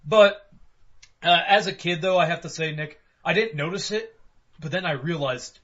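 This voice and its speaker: A man co-hosting a game review podcast, talking in an animated way and swearing freely. His voice sits fairly high for a man. The audio is dull and lo-fi. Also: normal speed. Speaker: podcast co-host. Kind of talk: casual game review chat.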